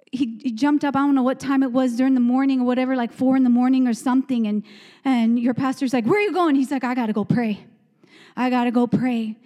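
A woman preacher delivering a fervent sermon with emphatic, repeated phrases and calls to the congregation. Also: sits high. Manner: fervent, call-and-response, repetitive emphatic phrases. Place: church sanctuary. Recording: long church hall reverb.

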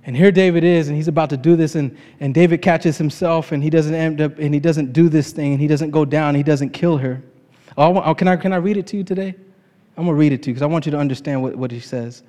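A man's voice: fairly high pitch, fast talker, dark tone. A man preaching an informal sermon, retelling a scripture story in his own casual words, with frequent laughs. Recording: long reverb of a large hall.

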